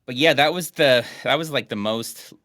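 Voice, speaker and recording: A man's voice: medium pitch, moderate pace, bright, forceful tone, no room sound, studio quality. A young man co-hosting a bad-movie review, mocking the film in casual, sarcastic commentary.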